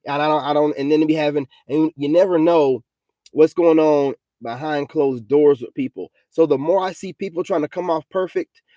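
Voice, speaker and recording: A man's voice: a little high, moderate pace, mellow, no echo. A young adult man ranting in a combative, preachy vlog monologue, repeating himself and often asking "you know what I'm saying". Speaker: self-styled spiritual vlogger.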